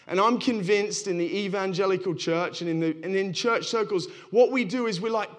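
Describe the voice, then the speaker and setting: A man's voice: high voice, normal speed, few pauses. A man, a pastor, giving a sermon in a candid, self-deprecating storytelling way.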